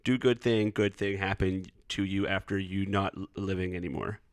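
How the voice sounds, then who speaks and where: A man's voice: deep voice, steady tone, normal speed, no echo. A man putting on a simple-minded baby voice with childlike broken grammar, in a casual podcast chat. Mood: silly.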